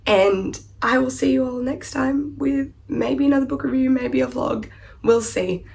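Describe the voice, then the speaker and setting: A woman vlogger chats about books in a casual, animated way. Her voice has a gravelly fry. She restarts her sentences and keeps apologizing for her opinions. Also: sits high, unhurried, slight background noise. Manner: chatty, apologetic, full of "like" and trailing restarts; animated, emphatic, playfully apologetic. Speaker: book vlogger. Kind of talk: casual book review chat.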